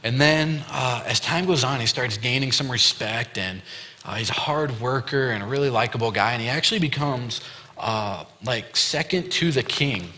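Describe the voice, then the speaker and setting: A man's voice: mid-range voice, normal speed, sharp tone, a little hiss or hum. A young man giving a casual youth sermon, retelling a story with loose quoted dialogue and lots of fillers. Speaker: youth pastor. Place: church youth room. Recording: long hall reverb.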